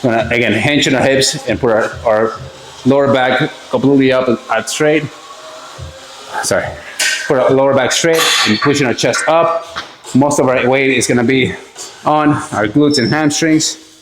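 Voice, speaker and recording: A man's voice: mid-range voice, normal speed, a little hiss or hum. A middle-aged man coaching a back workout, out of breath between sets and swearing casually as he explains each move. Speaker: fitness coach. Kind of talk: workout instruction. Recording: echoey room with faint music.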